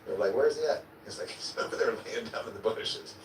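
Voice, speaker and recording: A man's voice: lowish voice, steady tone, fast, gravelly. A man being interviewed, telling a vivid story in a casual way, acting out his own quotes and now and then swearing or chuckling. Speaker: interview guest. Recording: echoey, distant, noisy replayed clip.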